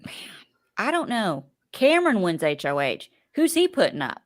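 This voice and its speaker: A woman's voice: mid-range voice, huge pitch swings, normal speed, no room sound, clean studio sound. A woman hosting a podcast in casual chat, rambling and chatty with many fillers. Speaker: podcast host.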